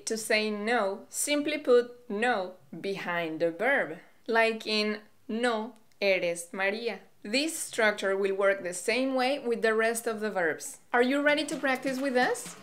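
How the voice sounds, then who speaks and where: A young woman from Colombia, a Spanish teacher, explaining grammar in a clear, measured way. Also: a little high, a bit bright. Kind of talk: language lesson.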